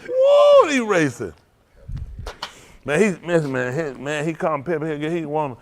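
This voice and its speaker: A man's voice: on the high side, a little fast, slight background noise. A man preaching in a folksy storytelling sermon, laughing often and repeating phrases as he acts out quotes. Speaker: pastor.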